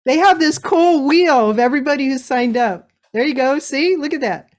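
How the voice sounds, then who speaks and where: Middle-aged lady doing a webinar talk, kinda high voice, animated storyteller. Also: moderate pace. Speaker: speaker.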